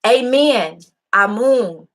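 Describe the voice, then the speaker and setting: A young woman with a fairly high voice talks straight to her audience as host. She sounds impassioned and preachy, and she swears freely as she drives her point home. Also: lively intonation, extremely slow. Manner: impassioned, preachy, blunt and profane. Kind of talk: casual motivational talk to a live audience.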